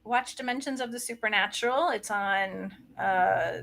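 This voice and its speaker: A woman's voice: mid-range voice, a little slow, gravelly, a bit bright. A woman guest in a casual interview, chatty and joking about herself. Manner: chatty, self-deprecating humor.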